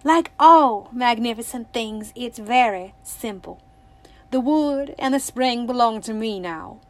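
A woman reading as a smooth, scheming man in a yellow suit. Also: a little slow, dry recording, natural voice. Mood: smug. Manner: easy, almost friendly, turning shrill and petulant.

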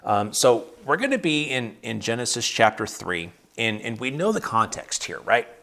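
A man's voice: mid-range voice, very animated, normal speed, gravelly, pushed and bright. A man leading a casual Bible study over a video call, talking conversationally with frequent restarts and fillers.

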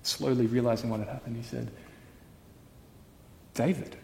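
A man's voice: mid-range voice, measured pace, a little hiss or hum. Man preaching dramatically in an echoing hall. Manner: dramatic, swings between hushed and loud. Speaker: pastor. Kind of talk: sermon storytelling.

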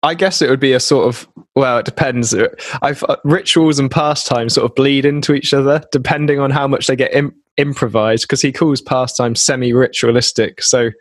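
Man, casual chat, measured explainer, dry close sound. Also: medium pitch, fairly even intonation, no room sound.

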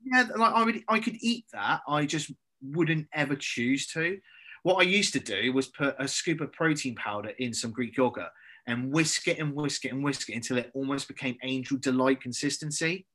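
A man from southern England talks as a guest on a casual podcast. His voice is bright and ringing, and he tells his stories bluntly, with plenty of swearing and lively energy. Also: medium pitch, moderate pace. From Andover, southern England. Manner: blunt, sweary, animated storytelling.

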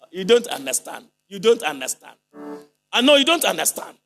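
A man preaching a sermon with fervor, leading the congregation in responses and breaking into shouted and sung phrases. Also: sits high, very animated, measured pace, gravelly, faint music behind.

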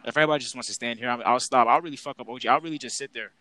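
Bright-voiced young man ranting. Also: mid-range voice, racing, low-quality recording. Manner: animated, exasperated ranting with heavy slang and profanity. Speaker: podcast co-host. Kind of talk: casual podcast rant.

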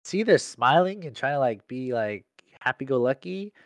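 A man's voice: medium pitch, lively intonation, normal speed, dry recording. A young man in casual chat, telling a work story in slangy speech full of "like". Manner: slangy storytelling, heavy use of "like".

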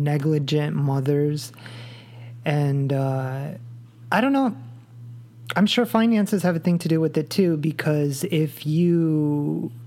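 Man, podcast host, solo monologue, slow unhurried delivery, mellow low tone, profane, blunt. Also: gravelly. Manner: blunt, profane rant with many fillers. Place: the show is made in Dallas, Texas.

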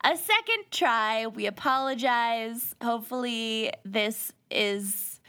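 A woman's voice: on the high side, slow, sharp tone, smooth. A woman co-hosting a podcast in casual chat, laughing often between lines. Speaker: podcast co-host.

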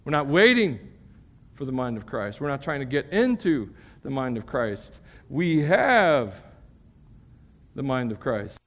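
A man preaching a sermon to a congregation, animated and emphatic, with joking asides between his points. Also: medium pitch, unhurried. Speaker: pastor. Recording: long reverb of a large hall.

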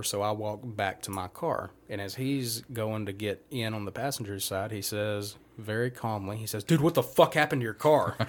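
A young man telling a long, rambling, profanity-laced story to friends on a casual podcast. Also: medium pitch. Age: young adult. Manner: profane, rambling anecdote with quoted dialogue. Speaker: podcast host.

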